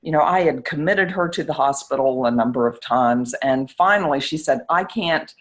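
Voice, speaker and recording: Woman, middle-aged, low voice, psychiatrist, interview storytelling, animated. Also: moderate pace. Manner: animated, acts out quoted exchanges.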